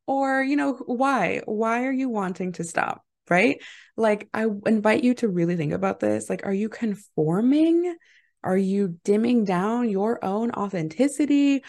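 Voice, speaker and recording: A woman hosting her own podcast in a casual, motivational monologue, sprinkling "like" and "right?" through her talk. Her voice sits in a middle register and carries a noticeable gravelly fry. She sounds upbeat and encouraging, and laughs easily. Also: medium pitch, lively intonation, unhurried. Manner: chatty, filler-heavy, lots of "like" and "right?". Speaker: podcast host and mindset mentor.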